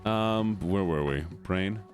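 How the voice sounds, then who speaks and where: A man's voice: sits low, slow, music in the background. A man streaming a video game, chatting casually with his viewers in a rambling, talkative way. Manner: chatty, talks to chat, rambling asides.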